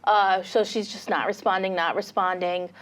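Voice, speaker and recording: A woman's voice: medium pitch, normal speed. A woman, co-hosting a casual podcast and telling a story with animation, acting out what people said. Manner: animated storyteller, acts out quotes. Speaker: podcast co-host, real estate agent.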